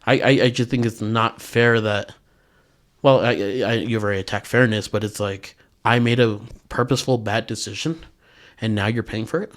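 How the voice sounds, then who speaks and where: A young man in casual podcast chat, blunt and profane, thinking out loud as he talks. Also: fairly low pitch, steady tone, moderate pace.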